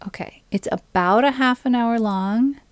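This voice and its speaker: Soft-spoken woman streamer, dry close sound. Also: fairly high pitch, a little slow, clean tone, no echo. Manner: soft-spoken, often trailing into a near whisper; chatty and recommending, addresses viewers. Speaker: streamer and ukulele singer. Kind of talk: casual chat between songs.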